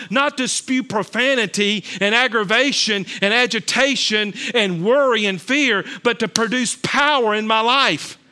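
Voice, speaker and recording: A middle-aged pastor preaches a sermon in a high voice, telling stories and swinging between loud bursts and hushed calm.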